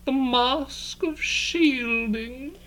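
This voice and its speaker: A woman's voice: high-pitched, drawn-out words, fairly bright tone, full character voice, low-quality recording. A woman voicing an aloof lone hero who gives terse orders and narrates in a grand tone, in a fan-dub adventure.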